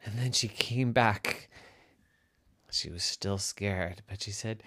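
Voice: deep voice, slow pace, long pauses, fairly bright tone, husky, no room sound, clean studio sound. A storyteller telling a playful, improvised bedtime story.

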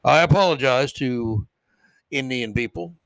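A man's voice: medium pitch, a little slow, fairly bright tone, no echo. A man hosting a podcast, delivering a sarcastic, mock-outraged comedic monologue into a close microphone. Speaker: podcast host.

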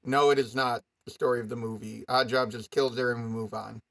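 A man co-hosting a podcast, retelling film plots in an animated, joking way. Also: mid-range voice, brisk, gravelly, crowd noise. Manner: animated, jokey storytelling. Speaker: podcast co-host. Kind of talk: casual film discussion.

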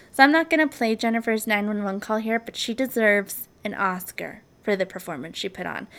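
A woman's voice: medium pitch, creaky. A woman hosting a true crime podcast, telling the story casually and animatedly, with frequent ums and likes.

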